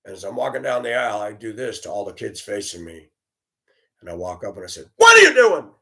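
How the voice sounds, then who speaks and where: A man telling stories about his years as a school bus driver, blunt and animated, acting out the voices he quotes. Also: on the low side, fast talker, gravelly. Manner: blunt, plain-spoken. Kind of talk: storytelling monologue.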